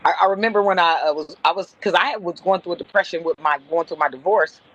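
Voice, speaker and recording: A woman's voice: fast, highs cut off. A woman from Compton, California, a comedian telling blunt, profane stories as a podcast guest. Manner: blunt, profane, jumps high and loud when acting out quotes. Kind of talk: casual storytelling on a podcast.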